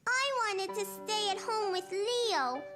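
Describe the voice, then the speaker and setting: A woman's voice: very high voice, animated, slow pace, music in the background, full character voice. Caillou, a four-year-old boy. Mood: childlike. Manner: eager, whiny kid voice. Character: excited preschool boy, four years old.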